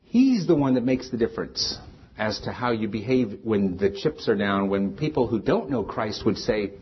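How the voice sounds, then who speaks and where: A man's voice: on the low side, big pitch swings, normal speed, breathy edge, muffled recording. A man preaching a sermon as pastor, earnest and rising to emphatic peaks.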